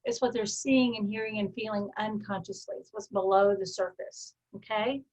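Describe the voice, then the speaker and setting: A woman with a Texas twang hosting a coaching call, riffing free form with deadpan humor and frequent laughs. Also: medium pitch, normal speed, poor audio. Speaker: host, personal growth coach.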